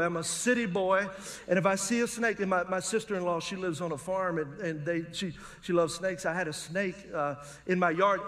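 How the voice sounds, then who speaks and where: High-voiced preaching man. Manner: lively call-and-response preaching with humor. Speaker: pastor. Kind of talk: sermon. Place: church service.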